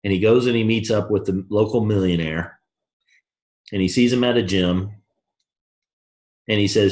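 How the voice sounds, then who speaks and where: A man's voice: moderate pace, pauses often. A man giving a blunt, brash motivational talk, telling a story with a punchy, swinging delivery. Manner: blunt, brash, swings from low to shouted highs. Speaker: motivational speaker.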